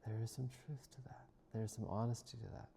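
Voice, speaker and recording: A man speaking as a spiritual healer in a slow, soft, reflective monologue, often drifting into a whisper. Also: on the low side, fairly even intonation, gravelly, slight background noise.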